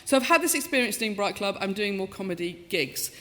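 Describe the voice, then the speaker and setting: A woman in her fifties giving a talk as a professor, telling stories in a lively, self-mocking way and acting out the voices she quotes. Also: medium pitch, fairly quick. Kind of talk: storytelling talk with comic asides. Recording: lecture hall with long reverb.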